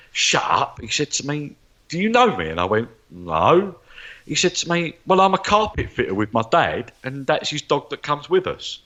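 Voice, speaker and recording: A man chats as an interview guest, spinning lively anecdotes with a low, swooping voice that leaps up when he mimics others. The sound is a little dull and lo-fi. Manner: animated, acts out quoted voices. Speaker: guest psychic medium. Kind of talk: storytelling interview chat.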